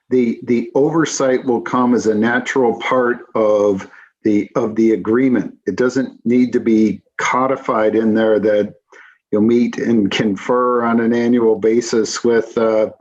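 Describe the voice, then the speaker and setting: A city council member speaks in a meeting with a medium-pitched, darkish male voice. He is frank and dry but hesitant, stopping and restarting often with many fillers, captured on slightly dull lo-fi audio.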